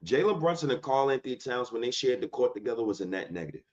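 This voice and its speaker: A man's voice: medium pitch, sing-song, fast talker, a little mellow, highs cut off. A man hosting a solo sports podcast, talking in a heated, slangy and emphatic rant.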